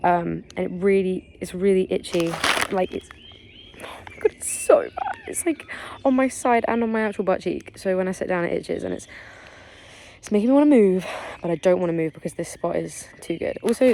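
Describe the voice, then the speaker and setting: A woman's voice: lowish voice, fast talker, background noise. A young woman, chatting casually and rambling in a vlog while sitting outdoors in woodland. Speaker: vlogger.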